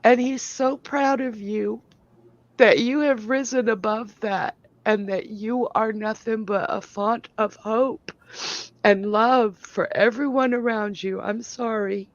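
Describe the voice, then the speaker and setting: A woman psychic medium giving an emotional live reading in a slow, tender, halting way. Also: on the high side, steady tone, dry recording. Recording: dull lo-fi sound.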